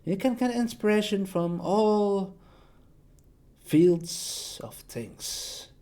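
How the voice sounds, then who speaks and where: A man's voice: high-pitched, very slow, warm tone. Rambling young man on a stream. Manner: rambling, self-deprecating, with non-native phrasing. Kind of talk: casual chat showing off voices.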